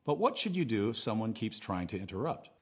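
A male English teacher narrates a lesson in a husky, low voice with lively intonation. His delivery is clear and measured as he models phrases for learners to repeat.

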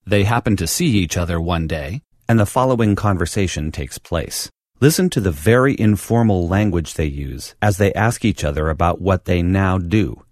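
A man reading an English lesson script in a clear, deliberate teaching voice. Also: sits low, lively intonation, a little mellow, no echo, studio quality. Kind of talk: scripted language-lesson narration.

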